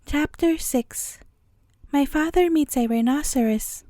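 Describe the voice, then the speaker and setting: Woman, high voice, mellow tone, bedtime story reading, gentle. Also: measured pace, dry recording.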